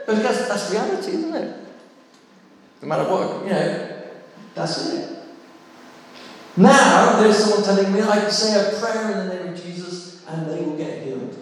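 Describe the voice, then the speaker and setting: A man in his sixties preaching a sermon, telling a story with lively, self-deprecating humour. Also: high voice, unhurried, pauses often, a little hiss or hum. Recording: echoey hall, mic at a distance.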